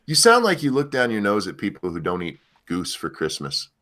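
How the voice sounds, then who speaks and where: American man with a lower, teasing voice. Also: wildly swooping pitch, a little fast, pushed and bright. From United States. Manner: teasing, laid-back, says "man" a lot. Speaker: co-host. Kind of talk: casual chat.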